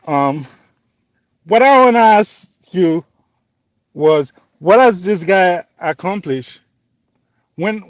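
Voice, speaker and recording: A man calling in to a boxing show, asking a question slowly and haltingly. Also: on the high side, no room sound. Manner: slow, halting, stumbling over words. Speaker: caller. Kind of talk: call-in question. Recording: dry, muffled call line.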